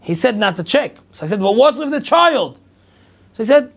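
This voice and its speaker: A man's voice: high-pitched, lively intonation, a little fast, gravelly. A middle-aged man, a rabbi telling a personal story to an audience and acting out the dialogue, with lots of repetition. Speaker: rabbi lecturer.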